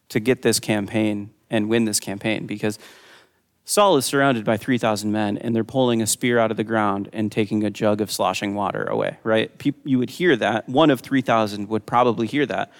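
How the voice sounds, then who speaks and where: A man's voice: fairly low pitch, in a large hall. A man preaching a sermon, teaching in a conversational way and reading scripture aloud with a lifted voice.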